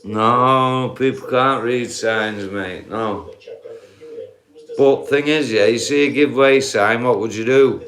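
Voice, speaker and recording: Man, live-stream rant, unhurried and sweary. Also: medium pitch, fairly bright tone. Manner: profane, laughs at own points, addresses viewers as guys. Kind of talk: ranting live-stream monologue.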